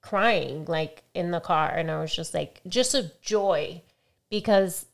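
A woman in her thirties co-hosting a casual faith-based podcast, earnest and reflective, sometimes soft-spoken. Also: fairly low pitch, takes it slowly, gravelly. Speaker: podcast co-host.

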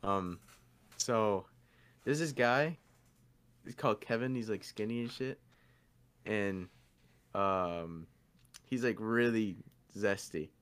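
A man co-hosting a casual podcast, telling stories in an animated, slangy way. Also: lowish voice, takes it slowly, long pauses, clear, resonant tone. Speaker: podcast co-host.

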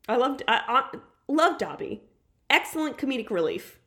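A woman's voice: high-pitched, big pitch swings, moderate pace, pushed and bright. A young adult woman co-hosting a casual podcast, playful and self-deprecating, laughing easily. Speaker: podcast co-host. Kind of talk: casual chat.

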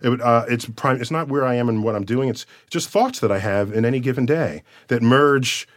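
A man's voice: mid-range voice, a little fast, no echo, studio quality. A man, a guest scientist, chatting casually in an interview and telling stories with lots of animation and laughter. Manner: animated, storytelling, laughs often. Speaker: guest astrophysicist.

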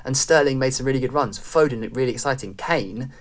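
Animated football pundit. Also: mid-range voice, fast talker. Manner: animated, argumentative, quotes fans in mock voices. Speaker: football podcast co-host. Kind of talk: casual football podcast chat.

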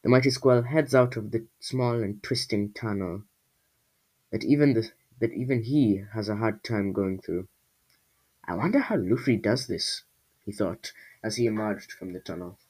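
A man's voice: on the low side, moderate pace, a little mellow, poor audio. A man reading his own storybook aloud in a casual way, breaking off for jokey asides to his listeners. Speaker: storybook reader.

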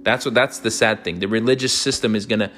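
A man's voice: fairly low pitch, steady tone, fast talker, fairly bright tone. A man hosting a podcast Bible study, teaching in an emphatic, conversational way and often asking "right?".

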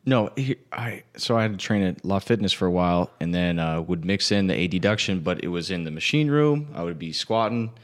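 A man co-hosting a podcast, talking casually in a halting, filler-heavy way. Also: sits low, animated. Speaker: podcast co-host reading listener questions. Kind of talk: casual chat.

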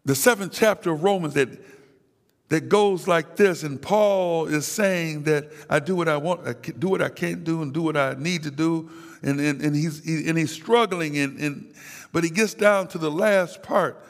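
A man preaching an impassioned sermon, dropping to a hush and then crying out, often repeating words. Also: a little high, normal speed, long reverb tail.

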